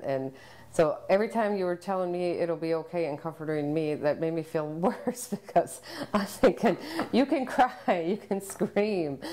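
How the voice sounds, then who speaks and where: A mother recounting a frightening family memory to the camera, emotional and halting, with many pauses. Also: sits low, darkish tone. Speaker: interviewee, subject's mother.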